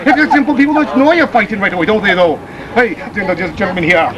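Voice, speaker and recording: A man's voice: sits high, big pitch swings, quick pace, dull audio, crowd noise, pitched below the performer's own voice. A man playing a rowdy, ranting party crasher at a home-made comedy show, over a noisy room. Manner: loud, blustering, ranting.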